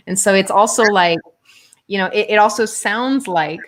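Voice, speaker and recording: A woman co-hosts a relaxed conversation with an ordinary mid-range voice. She speaks earnestly, sometimes searching for her words. She laughs easily. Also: medium pitch, moderate pace. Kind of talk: casual conversation.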